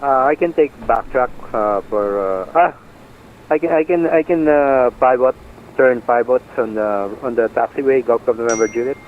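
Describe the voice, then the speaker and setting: A man flying as a pilot, reading back clearances hesitantly over the radio. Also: mid-range voice, moderate pace, slight background noise. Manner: hesitant readbacks with fillers. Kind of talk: radio readbacks. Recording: dull lo-fi radio.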